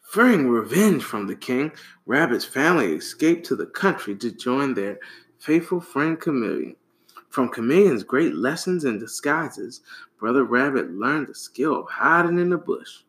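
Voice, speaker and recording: A man reading a folktale aloud to a child, animated and relaxed, with casual asides. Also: medium pitch, unhurried. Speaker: storyteller.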